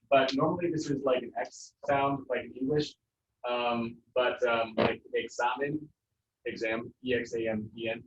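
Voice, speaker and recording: In a classroom that sounds echoey, distant, and dull, a medium-pitched man teaches Spanish pronunciation, his explanations relaxed and packed with fillers. A little hiss or hum is audible.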